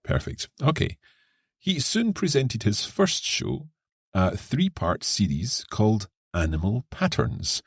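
A man co-hosting an English lesson podcast who reads short text passages aloud and explains them in a clear, encouraging way. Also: on the low side, wildly swooping pitch, takes it slowly, no echo, studio quality.

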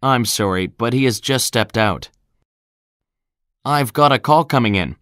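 A man reading example sentences one by one in a clear, deliberate scripted style, recorded in a studio. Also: medium pitch, fairly bright tone, dry recording. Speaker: English phrase reader.

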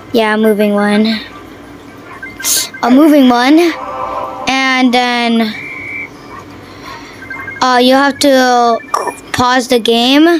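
A woman chatting casually over her gameplay, excitable and quick to gasp and yelp at what happens on screen. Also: a little high, a little hiss or hum, rough recording. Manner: excitable, yelps and gasps at the game. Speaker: mobile game player.

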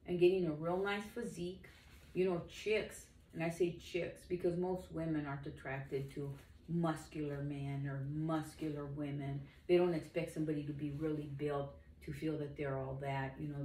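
An older woman in her sixties preaches to the camera with an earnest, rambling emphasis. Her voice sits low for a woman. She is heard from some distance in a roomy space with faint noise behind her. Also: a little mellow. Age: 60s. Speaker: lay minister.

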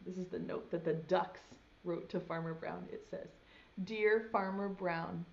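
A young woman preschool teacher reading a picture book aloud, gently stopping to ask the children questions. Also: on the low side, little pitch movement, normal speed, gravelly, highs cut off. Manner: gentle, asks children questions as she reads. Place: home video lesson.

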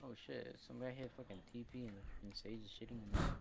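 A young man streaming a shooter game with a friend, talking fast with loud, profane trash talk and sudden shouts. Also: mid-range voice, fairly even intonation, creaky, a crowd in the background. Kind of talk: casual gaming chat.

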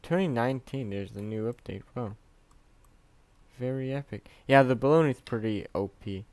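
A young man from Canada chatting casually over his gameplay, swearing often and swinging between mumbled asides and loud outbursts. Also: medium pitch, moderate pace, dry recording. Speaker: gaming youtuber.

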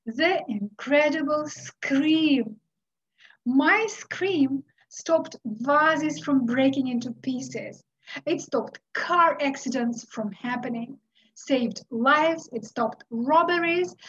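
A husky but high-voiced middle-aged woman from Uzbekistan narrates a tale at a slow, dramatic pace broken by frequent pauses. The recording quality is lo-fi and dull.

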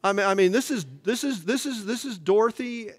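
A pastor teaches a church Bible study in a high-pitched voice at a fairly quick pace. He's animated and keeps asking the room questions, and the sound has a big-room quality.

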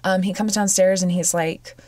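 A woman hosting a personal podcast, weepy and close to tears, speaking in halting, searching phrases with frequent sighs. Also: fairly low pitch, fairly even intonation, darkish tone, dry recording. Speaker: podcast host.

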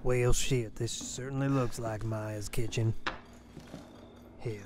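A man playing a foul-mouthed, dim-witted bumbler muttering his way through a derelict house in a game parody. He drawls along unhurried at a middling pitch, cursing and rambling to himself. Steady game ambience hums clearly behind him. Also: background noise, close to an everyday voice. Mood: grumbling. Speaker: comedic dub voice. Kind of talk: parody voice-over of game footage.

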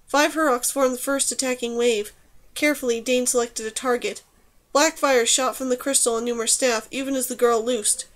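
A woman reading a fantasy novel aloud as audiobook narrator, in an even, measured way. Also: fairly high pitch. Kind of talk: scripted narration.

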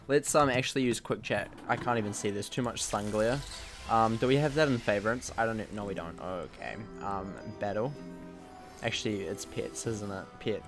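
A gaming channel host plays a video game and offers casual, jokey commentary, mocking himself and exclaiming at what happens. His voice is on the low side at a moderate pace, heard over music.

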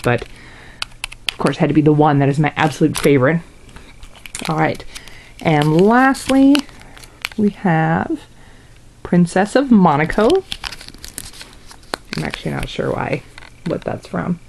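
A woman's voice: low-pitched, vocal fry, slight background noise, low-quality recording. A young woman chatting casually in a haul video, gushing and reacting as she sniffs and shows each item. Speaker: vlogger showing a wax haul.

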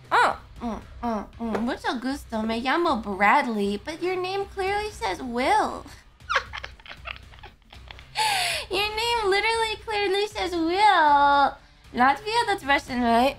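Sleepy, high-voiced woman streamer. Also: a bit bright. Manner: sleepy, slurring words. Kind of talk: casual livestream chat.

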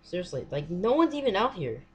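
A gamer in casual let's-play commentary who fills speech with "like" and "seriously," swears constantly and yells at jump scares. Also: medium pitch, very animated, a little fast. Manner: filler-heavy, says "like" and "seriously" often. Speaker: gamer playing a horror game.

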